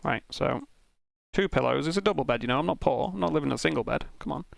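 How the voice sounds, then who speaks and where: A young man casually telling an animated, sweary anecdote while streaming a sim race. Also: mid-range voice, quick pace, vocal fry, dry recording. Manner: animated, swearing, self-mocking anecdote with laughs.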